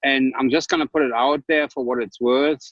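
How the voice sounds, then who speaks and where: A man's voice: medium pitch, fairly even intonation, fairly quick, no room sound. Man, German background, investor guest, folksy, blunt, muffled sound, dry. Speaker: investor and panelist. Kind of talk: casual panel chat. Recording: dull, dry online call audio.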